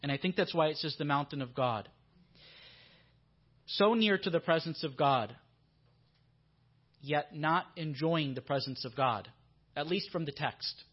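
A man's voice: on the high side, measured pace, pauses often, breathy edge, highs cut off. A man preaching a sermon in a church, earnest and given to repeating his questions for emphasis.

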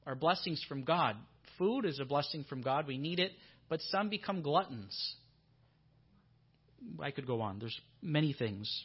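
A man's voice: medium pitch, slightly rough, lo-fi sound. A man preaching a sermon in a church, earnest and given to repeating his questions for emphasis.

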